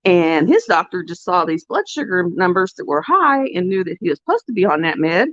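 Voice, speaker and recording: Speaking a little fast in a lowish, fairly bright voice, this woman is very animated as she hosts a livestream and rambles through heartfelt stories with her viewers. The lo-fi audio sounds dull and dry, with no echo.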